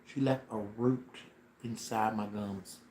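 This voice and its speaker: A man telling a personal story on a casual livestream, dramatic and animated, with slang and sound effects. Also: lowish voice, slow, slight background noise. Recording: roomy echo with faint ambience.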